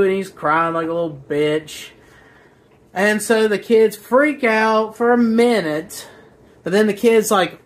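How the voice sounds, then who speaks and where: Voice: medium pitch, lively intonation, measured pace. A book reviewer rambling casually through a plot, crude and sarcastic, with filler words and restarts.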